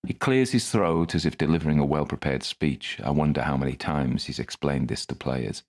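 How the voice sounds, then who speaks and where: A man's voice: rumbling low, moderate pace, hardly any pauses, a little mellow. A man narrating his own first-person story in a dry, wry manner.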